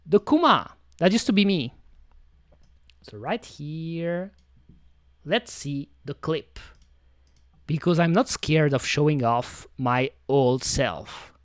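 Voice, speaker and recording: A woman's voice: deep voice, lively intonation, takes it slowly, pauses often, no room sound. A woman streaming from home into a studio microphone, chatting casually with slightly non-native phrasing. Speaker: VTuber streamer. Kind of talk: casual chat.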